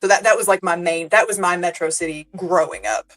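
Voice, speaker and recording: Chatty Kentucky-raised woman, slightly low voice. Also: brisk, a bit bright. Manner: chatty, filler-heavy, laughs easily. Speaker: podcast guest. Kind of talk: casual chat.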